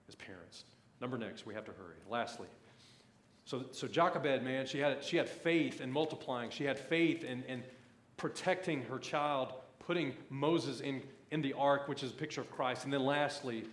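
Folksy man preaching in an echoey room. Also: mid-range voice. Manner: folksy, says "man" often, pulpit storytelling. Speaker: pastor. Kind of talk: sermon.

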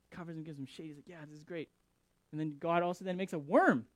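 Animated preaching man, high voice. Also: no echo. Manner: animated, emphatic preaching with dramatic pauses. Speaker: pastor. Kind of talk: sermon.

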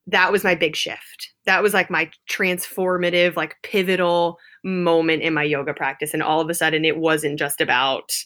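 A woman in her thirties, a guest telling a lively, dramatic story in casual conversation and acting out the quotes. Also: fairly low pitch, normal speed, few pauses.

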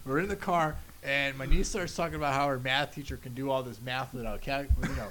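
A man's voice: medium pitch, fairly even intonation, brisk, bright, forceful tone, slight background noise, rough recording. A middle-aged man co-hosting a podcast, telling family stories in casual chat and swearing freely. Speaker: podcast co-host.

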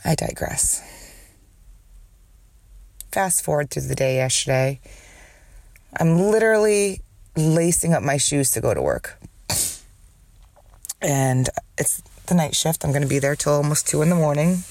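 Gravelly woman with a smoker's cough. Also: low voice, lively intonation, a little slow, long pauses, darkish tone, dry recording. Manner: rambling, profane, jumps between thoughts. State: has a cold and a smoker's cough. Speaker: podcast host. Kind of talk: candid solo podcast monologue.

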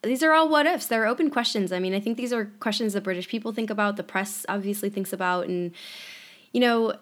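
A woman's voice: mid-range voice, fairly quick. A woman co-hosting a podcast in casual chat, thoughtful, with many fillers, lifting her voice when she stresses a point. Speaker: podcast co-host.

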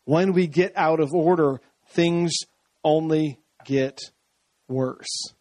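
A man preaching a sermon in a conversational, animated way, often acting out voices. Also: a little high, slow pace, dry recording.

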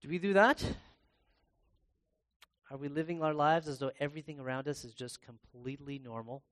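A man preaching a sermon in a conversational way, pausing and restarting as he reads scripture aloud. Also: fairly high pitch. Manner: bursts into loud, excited acted-out exclamations.

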